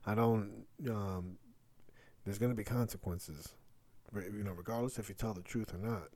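A man's voice: on the low side, moderate pace, warm tone, slightly rough. A middle-aged man, hosting a casual solo podcast, talking candidly and rambling with many fillers and restarts. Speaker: podcast host.

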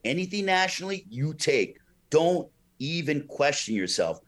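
A middle-aged man, a ring announcer, telling a story in an interview with lively delivery and frequent "you know" fillers, acting out the voices he quotes. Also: a little high, moderate pace.

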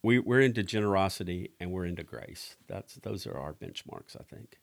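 A man's voice: low-pitched, animated, creaky. A middle-aged man, talking casually on a podcast and restarting his sentences often. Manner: halting, with many restarts. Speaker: director of ministries.

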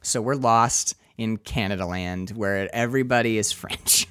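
A man's voice: lowish voice, a little slow, fairly bright tone, clear, resonant tone, no echo. A young man co-hosting a podcast, telling a story in a casual, profane, self-mocking way. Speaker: podcast co-host. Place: podcast studio.

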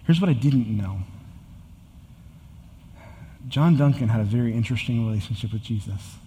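A man's voice: mid-range voice, expressive, normal speed, dark tone, in a large hall, slight background noise. A man in his thirties preaching a sermon as a pastor, earnest and building to emphatic repetition. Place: church sanctuary with long reverb.

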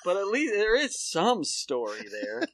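A man co-hosting a comedy podcast, his voice a touch higher than most and swinging widely as he acts out a story. He swears freely and breaks into laughter often. The sound is close and dry. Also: huge pitch swings, measured pace, fairly bright tone, no room sound. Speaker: podcast co-host. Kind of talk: casual comedic chat.

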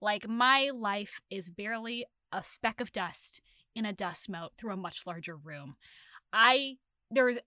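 A woman hosting a casual book chat, gushing and emphatic. Her voice sits high with a bright edge. The sound is dry and close. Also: big pitch swings, measured pace, no echo. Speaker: podcast host.

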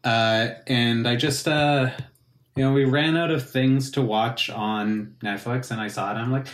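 A man's voice: mid-range voice, steady tone, measured pace. A man co-hosting a casual chat podcast, rambling with many fillers and joking around. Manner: rambling, lots of uh fillers, playful put-on voices. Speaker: podcast co-host. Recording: echoey room.

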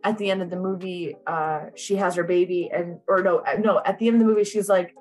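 A woman's voice: on the low side, fairly even intonation, fairly quick, darkish tone, soft background music. A young woman casually recapping a movie, blunt and chatty, swearing freely and saying "like" often.

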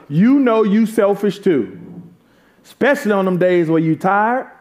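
Here the pastor speaks at a measured pace in a high, expressive, slightly mellow voice, moving from casual, funny remarks to his listeners into emphatic, raised calls during the sermon.

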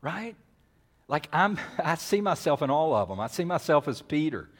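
Male pastor, animated storyteller, acts out the characters, pitch a bit high. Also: normal speed. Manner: animated storytelling with acted-out voices and whisper-yelling. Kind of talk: sermon.

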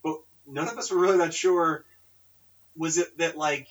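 A man's voice: a little high, steady tone, normal speed, far from the mic, low-quality recording. A man co-hosting a casual movie podcast, recapping scenes in a jokey, rambling way with some swearing. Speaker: podcast co-host. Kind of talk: casual movie-review chat.

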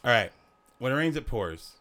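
A man's voice: medium pitch, sing-song, normal speed, pushed and bright. Laughing, profane male podcast host. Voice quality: voice a bit rough. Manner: joking, profane, laughs often. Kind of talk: casual comedic podcast chat.

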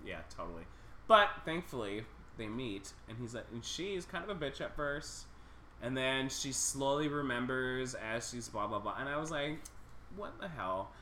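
A woman co-hosting a casual podcast chat, animated and swearing freely, laughing often. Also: a bass voice, moderate pace. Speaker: podcast co-host. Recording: echoey room with faint noise.

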